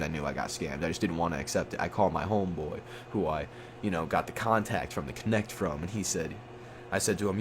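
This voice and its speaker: Young man, low voice, casual storytelling, rambling, profane, faint background noise. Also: fast talker. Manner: profane, rambling, acts out quoted voices with jumps in pitch. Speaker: storytime YouTuber.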